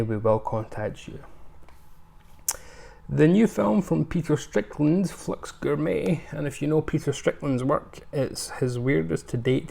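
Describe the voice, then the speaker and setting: A man talks through his latest film purchases in a loose, rambling way, full of ums and self-corrections. His voice has a gravelly, creaky edge at a mid-range pitch. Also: mellow. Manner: rambling, with many ums and restarts. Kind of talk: casual unscripted haul review.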